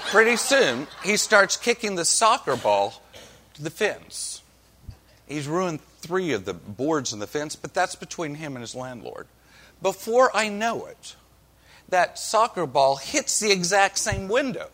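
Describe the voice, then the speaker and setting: A man's voice: a little high, very animated, measured pace, bright, forceful tone, a little hiss or hum. A male pastor from Oklahoma reading scripture and preaching with folksy, wry humor. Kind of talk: sermon with storytelling.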